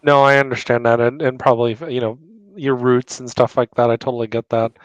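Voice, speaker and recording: A man's voice: medium pitch, little pitch movement, brisk, no echo. A male interviewer asking friendly, searching questions, with a lot of fillers and restarts. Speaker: interviewer, host. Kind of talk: conversational interview. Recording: dry, dull, lo-fi sound.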